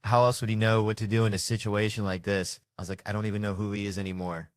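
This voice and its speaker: Profane animated male stand-up comic. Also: on the low side, fast, no echo, clean studio sound. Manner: animated, profane, acts out characters. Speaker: stand-up comedian. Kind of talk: stand-up storytelling.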